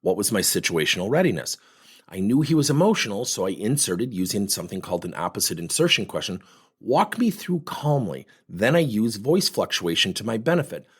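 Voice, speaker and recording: A man's voice: on the low side, very animated, quick pace, slightly rough. A middle-aged man coaching on workplace conversations, telling stories with energy and animation. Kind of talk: podcast monologue with acted anecdotes.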